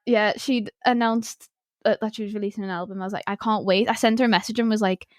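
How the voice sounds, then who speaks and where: A young woman with a Liverpool accent, a guest musician telling a story in a casual interview, excitable and giggly, with lots of "like". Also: mid-range voice, quick pace, no room sound, studio quality. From Liverpool, England.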